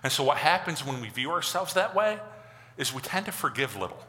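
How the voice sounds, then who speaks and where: A pastor giving a conversational, animated sermon, acting out quotes as he goes. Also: a little high, fairly quick, a little hiss or hum. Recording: long hall reverb.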